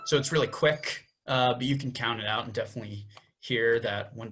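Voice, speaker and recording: A man's voice: mid-range voice, brisk. A young man co-hosting a podcast, explaining music theory step by step and counting beats aloud. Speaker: podcast co-host.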